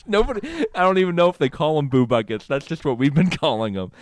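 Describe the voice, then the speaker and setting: A man co-hosting a podcast, telling a story in animated casual chat and acting out quotes with frequent laughs. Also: mid-range voice, fairly quick, no room sound. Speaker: podcast co-host.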